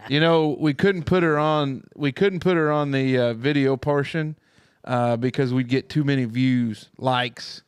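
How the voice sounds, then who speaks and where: Podcast host, male, clear voice, dry booth sound, jokey and animated. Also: medium pitch, a little slow, no echo. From Indiana. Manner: loud, joking, animated. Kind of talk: casual chat. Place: small lounge room.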